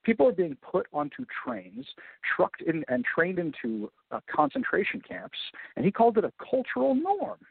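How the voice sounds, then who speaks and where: A man's voice: sits high, sing-song, normal speed, gravelly, slightly rough, dry recording. A man giving passionate, indignant political commentary as a guest on a talk radio show. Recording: tinny phone-like line.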